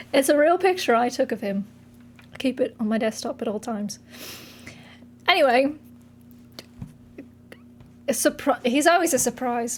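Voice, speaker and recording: Woman doing a fake british accent as a silly talk show host, high voice, faint hum behind. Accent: put-on British. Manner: mock-formal, giggly, halting. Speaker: streamer. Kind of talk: comedic bit on a livestream.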